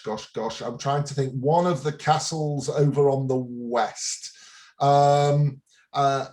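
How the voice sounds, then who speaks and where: A man in his fifties, a guest on a talk show, telling a story in a relaxed, chuckling way with frequent restarts. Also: a little high. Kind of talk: casual interview anecdote.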